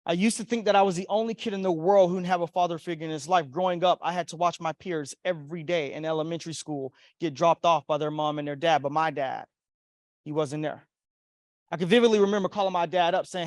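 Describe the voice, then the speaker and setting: A man's voice: a little high, steady tone, quick pace, no room sound, clean studio sound. A young man from Florida giving a motivational keynote in a hotel ballroom, with emphatic repetition and call-and-response. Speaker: motivational speaker. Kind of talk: keynote speech to a conference audience.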